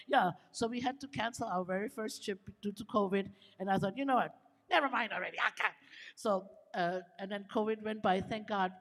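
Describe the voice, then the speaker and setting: A middle-aged woman from Hawaii spins a story at a live music event, chatty and quick to laugh. Her voice sits at an ordinary pitch for a woman. A long reverb trails behind it, as in a live venue. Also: vocal fry. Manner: chatty, laughing, lively quoted asides. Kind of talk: casual storytelling to a live audience.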